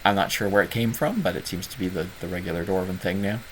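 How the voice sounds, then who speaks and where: A man's voice: low voice, quick pace, slight background noise, low-quality recording. A man with a Southern Ontario Canadian accent hosting casual online office hours, rambling and self-deprecating with many fillers. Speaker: host of a gaming club's online office hours. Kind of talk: casual livestream chat.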